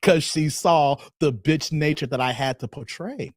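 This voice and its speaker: Slow, confiding male dating commentator. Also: a little high, no room sound, clean studio sound. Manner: frank, confiding, addresses viewers directly. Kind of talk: casual monologue storytelling.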